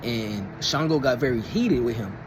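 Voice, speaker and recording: A man's voice: medium pitch, lively intonation, moderate pace, background noise. A young man retelling a myth in a casual, rambling, slangy way. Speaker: storyteller. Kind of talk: casual storytelling.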